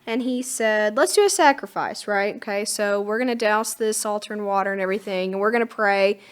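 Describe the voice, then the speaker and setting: A woman co-hosting a Bible teaching podcast, retelling scripture in a chatty, casual way with lively acted-out quotes. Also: medium pitch, a little fast, clear, resonant tone.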